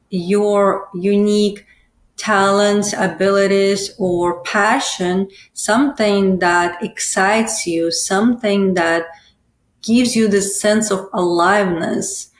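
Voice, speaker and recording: A woman's voice: mid-range voice, slow pace. A woman hosting a podcast, speaking in a hesitant way with many "uh" and "um" fillers. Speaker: podcast host. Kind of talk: casual podcast interview. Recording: echoey room.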